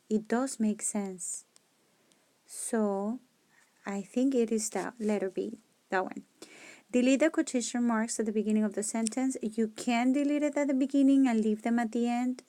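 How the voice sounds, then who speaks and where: A woman's voice: a little high, warm tone, no room sound. A woman teacher working through grammar test questions aloud, rereading sentences and correcting herself as she reasons. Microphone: screen-recording mic on a tablet.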